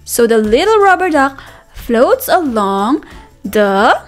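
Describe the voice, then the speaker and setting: A woman teacher reading a picture book aloud to toddlers, animated and sing-song, gasping and asking the children questions. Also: sits high, slow pace, soft background music.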